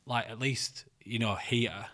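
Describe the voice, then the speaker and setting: A man's voice: medium pitch, steady tone, slow pace, fairly bright tone. A man hosting a podcast, chatting loosely with many "like" and "you know" fillers. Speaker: podcast host. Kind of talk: casual interview chat.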